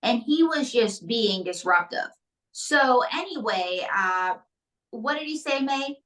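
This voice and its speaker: A woman ventriloquist chatting as an interview guest with a bright, fairly high voice. She tells quick, jokey stories, and her voice sounds a little distant from the mic. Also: expressive. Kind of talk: comedic interview chat.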